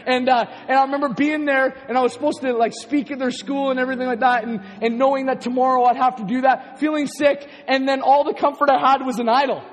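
A man's voice: very high-pitched, steady tone, fast, hardly any pauses. A man from Canada preaching a sermon testimony, telling his story with animation, acting out his own quotes and often laughing. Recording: long hall reverb with faint music.

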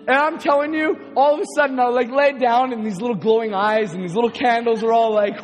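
A man's voice: high voice, steady tone, brisk, hardly any pauses. A man from Canada preaching a sermon testimony, telling his story with animation, acting out his own quotes and often laughing. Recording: long hall reverb with faint music.

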